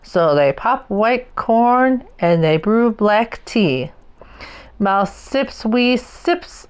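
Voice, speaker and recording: A woman reading a picture book aloud to her young children in a slow, sing-song storytelling manner. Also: fairly high pitch, expressive, clear, resonant tone.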